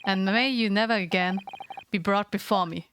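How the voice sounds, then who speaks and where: A woman reading a game aloud, voicing a stern, formal old male judge in slow, lowered pronouncements. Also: background noise, natural voice.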